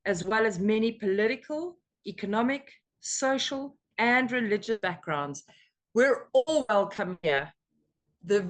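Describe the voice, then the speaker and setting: An American woman leading a recovery meeting on a video call, talking in an earnest, emotional and animated way. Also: on the high side. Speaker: meeting leader.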